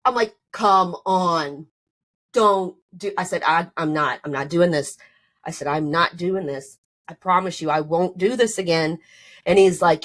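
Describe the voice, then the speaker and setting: A woman with a medium-pitched, fairly bright voice talks fairly quickly as she tells her story on a podcast. Casual and animated, she leans heavily on "like" and "you know" and acts out both parties in arguments, her voice rising.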